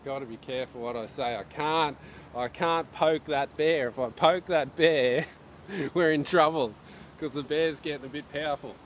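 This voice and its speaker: A man with a slightly raised pitch talks casually and jokes as he hosts a live stream. He reads viewer messages aloud while he shoots arrows outdoors, with faint wind in the background. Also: normal speed. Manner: chatty and joking, reads viewer chat aloud. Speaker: archery livestream host. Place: outdoors at an archery range in wind. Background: wind noise.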